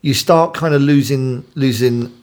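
A man's voice: medium pitch, measured pace, a little mellow. A man hosting a casual conversation, talking loosely with hesitant phrasing.

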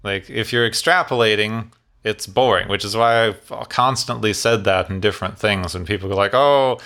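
Low, forceful man in casual talk. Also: steady tone. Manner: opinionated, emphatic, quick asides. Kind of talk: casual discussion.

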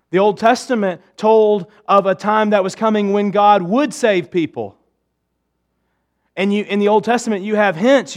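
A male pastor preaching a sermon to his church, emphatic, swinging between raised urgency and hushed intensity. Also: high voice.

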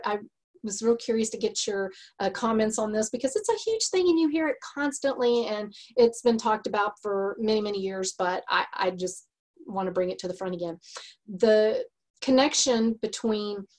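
A woman with a Texas accent hosting a podcast, talking earnestly in a casual chat. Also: medium pitch. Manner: earnest and warm-hearted, frequent laughs and restarts. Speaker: podcast host.

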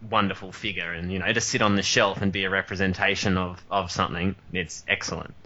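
A man's voice: low voice, steady tone, fast talker, bright, forceful tone, lo-fi sound. A man chatting casually about his collection, rambling with many fillers and restarts. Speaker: collector in group chat. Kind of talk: casual chat.

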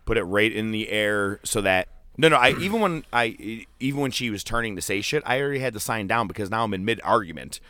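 Casting: low-voiced man, profane storyteller, dry close sound. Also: fast talker, few pauses, clear, resonant tone, dry recording. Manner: profane, animated, acts out quotes. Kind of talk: casual storytelling rant.

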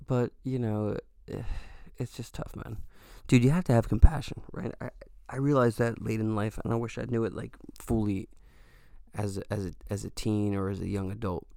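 A man's voice: fairly low pitch, steady tone, normal speed, gravelly, mellow, no room sound, clean studio sound. A man hosting a solo podcast, talking in a rambling, earnest and joking way with lots of fillers. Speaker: podcast host. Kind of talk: casual solo podcast monologue.

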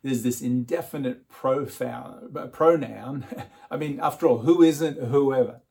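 A man's voice: medium pitch, unhurried, creaky, darkish tone. A man preaching an Easter sermon. He chuckles often and repeats words as he starts his phrases. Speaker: pastor.

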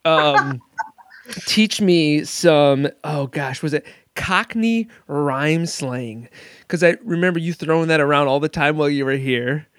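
Laughing, enthusiastic higher-voiced man. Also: unhurried, fairly bright tone. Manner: enthusiastic, laughs often, filler-heavy. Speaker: host. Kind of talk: casual conversation on a call.

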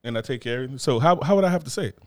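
A man's voice: medium pitch, very fast, no echo. Profane joking man, dry close sound. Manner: animated, profane, laughing asides. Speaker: podcast co-host. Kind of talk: casual banter.

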